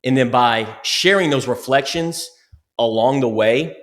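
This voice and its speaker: A man co-hosting a podcast speaks openly about changing his own mindset. His delivery is candid and motivational, at a middle pitch. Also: unhurried, a bit bright. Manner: candid, self-reflective, motivational. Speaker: podcast co-host. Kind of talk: casual motivational talk.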